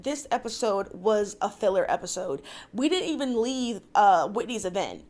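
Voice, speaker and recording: Young woman, slightly high pitch, casual vlog recapper with blunt, exasperated opinions. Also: darkish tone. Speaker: reality TV recap vlogger.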